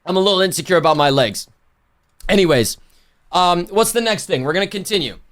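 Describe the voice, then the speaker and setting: A male streamer talks casually with his chat, with loose slang and frequent self-corrections. His voice sits high for a man. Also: animated, a little fast, a bit bright. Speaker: livestreamer.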